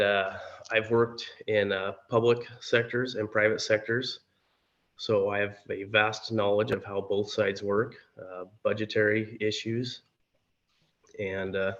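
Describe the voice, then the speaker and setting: A man from Oregon speaks in a low, flat, hoarse voice, stopping often on fillers as he gives his opening statement at a candidate forum. The audio is dull and lo-fi. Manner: halting, many fillers.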